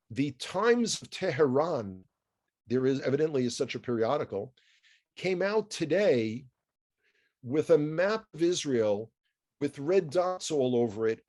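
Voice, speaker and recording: A man's voice: medium pitch, darkish tone. A man with a New York accent giving a chatty news commentary, wry and full of asides and rhetorical questions.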